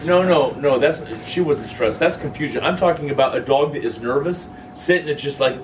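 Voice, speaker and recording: Man lecturing a workshop, slightly high voice, lively and joking, heard from a distance, noisy background. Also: normal speed, hardly any pauses. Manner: lively, jokey, acts out quoted voices. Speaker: dog trainer leading a workshop. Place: workshop room with listeners. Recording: distant voice with clear background noise.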